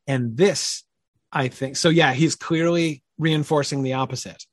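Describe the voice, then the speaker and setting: A man's voice: fairly high pitch, steady tone, unhurried, dry recording, clean studio sound. A man leading a conversational Bible study, thinking aloud with many fillers and checking questions.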